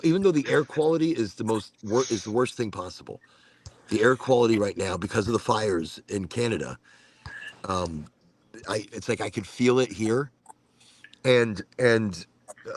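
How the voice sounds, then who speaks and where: Rambling gravelly-voiced American man. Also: medium pitch. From United States. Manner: rambling, animated, swears casually. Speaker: podcast host. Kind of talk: casual chat.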